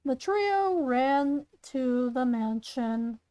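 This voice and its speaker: A woman's voice: high voice, lively intonation, very slow, warm tone. A woman hosting her channel, reading her own spooky fan story aloud with chatty asides, often stumbling and correcting herself. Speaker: channel host and story reader.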